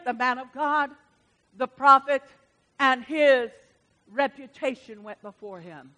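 A woman preaching a sermon with animated, emphatic storytelling. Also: high-pitched.

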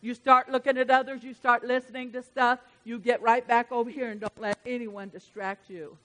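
A woman preacher delivering a sermon, emphatic and conversational, repeating key phrases for the congregation. Her voice is bright and forceful. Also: on the high side, fairly even intonation, moderate pace.

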